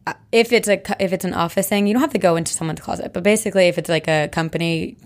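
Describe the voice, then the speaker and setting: A woman's voice: fairly low pitch, very fast. Chatty young woman podcast co-host. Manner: chatty, laughs often, emotional. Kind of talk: casual chat and host-read ad.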